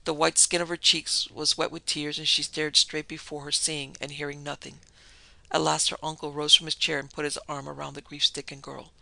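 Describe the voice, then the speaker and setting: A man narrating a story with a steady, dramatic reading. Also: on the high side, brisk, vocal fry, no echo.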